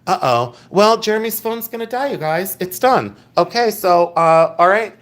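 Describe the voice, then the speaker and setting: A man's voice: high voice, animated, moderate pace, a bit bright. A middle-aged man hosting a casual livestream from home, chatty and playful, reading viewer comments aloud. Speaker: livestream host.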